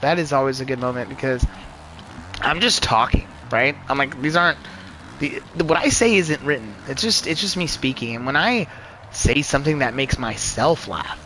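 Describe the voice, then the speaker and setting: Excitable, profane male game streamer. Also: medium pitch, a little hiss or hum, poor audio. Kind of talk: live gameplay commentary.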